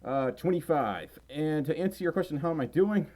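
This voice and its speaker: Lively, giggly streamer in a fursuit. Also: medium pitch, brisk. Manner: rambling and giggly, reads viewer messages aloud. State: tired and a little out of breath. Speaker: livestream host reading chat and donations. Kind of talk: casual livestream chat. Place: at home at a desk with microphone and keyboard. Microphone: desk microphone close by.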